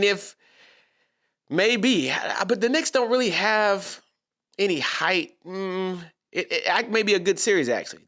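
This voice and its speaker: A man's voice: fairly high pitch, fairly bright tone. A man giving a casual, slangy sports reaction monologue, talking straight to his viewers.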